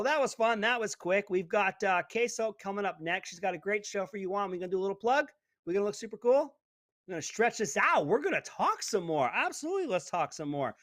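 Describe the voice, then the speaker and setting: A man with a notably high voice rants indignantly as a talk radio host, full of sarcasm. The sound is dry and close, with no room around it. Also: fairly bright tone, dry recording. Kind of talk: opinionated talk radio monologue.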